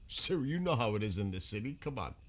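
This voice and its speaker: A man's voice: lowish voice, big pitch swings, fast, bright, forceful tone. A man with a New York accent hosting a casual night-sky livestream outdoors, chatting with viewers and answering them by name. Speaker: livestream host. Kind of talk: casual live-chat skywatching stream. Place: outdoors at night, dark rural area.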